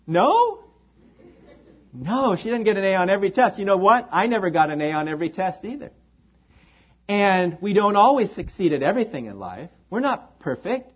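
A male pastor delivering a sermon in a high, lively voice that rises and falls dramatically. His tone is husky, and the recording sounds dull and lo-fi. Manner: dramatic preaching with wide swings in pitch and volume, addresses congregation directly.

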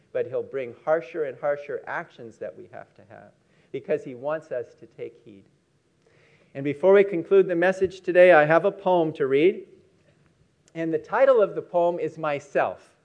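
A man preaching a sermon, telling a story with emphatic, slowed key words. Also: on the high side, a little mellow, muffled recording.

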